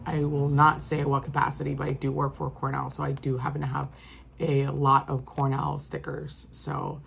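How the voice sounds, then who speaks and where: A woman with a very deep, gravelly voice talks casually through her journal pages. She rambles softly and starts over often. Her pitch stays flat and low. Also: moderate pace, slight background noise. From New York State. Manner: rambling, soft-spoken, with many fillers and restarts. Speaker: vlogger showing her journal. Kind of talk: casual walk-through chat.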